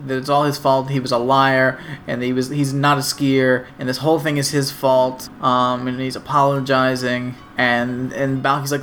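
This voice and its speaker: A man's voice: medium pitch, normal speed, hardly any pauses, slight background noise. A man co-hosting a podcast, casually recapping a sitcom episode and acting out the characters' lines. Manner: animated retelling, acts out quotes. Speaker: podcast co-host.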